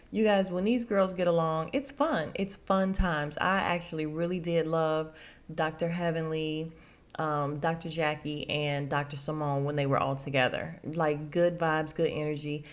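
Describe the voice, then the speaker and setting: A woman's voice: sits low, fairly even intonation, normal speed. A woman hosting a podcast, casually recapping a TV reunion, chatty and laughing often. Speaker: podcast host.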